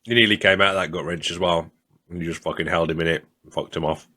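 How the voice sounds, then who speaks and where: A man co-hosting a podcast, chatting casually and excitably, swearing and laughing often. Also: low voice, fast talker. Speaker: podcast co-host. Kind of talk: casual chat.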